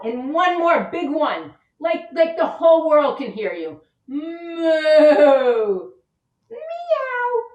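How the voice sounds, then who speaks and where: A woman with a high voice guides children through yoga poses at an unhurried pace, upbeat and encouraging. She speaks from some distance to the camera, and the sound is roomy and echoing. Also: lo-fi sound. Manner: upbeat, encouraging, gives simple step-by-step instructions. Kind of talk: guided kids' yoga and mindfulness lesson. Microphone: camera set back from her.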